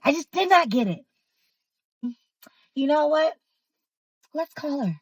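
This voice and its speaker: Woman, 30s, casual storyteller. Emphatic and exasperated, fairly high pitch. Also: expressive, normal speed, long pauses, no room sound, poor audio.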